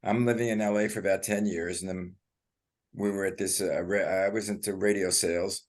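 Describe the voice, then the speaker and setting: A man's voice: sits low, fairly even intonation, brisk. An older man from Brooklyn hosting a casual chat, stammering and repeating the first words of his sentences. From Coney Island, Brooklyn. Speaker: host.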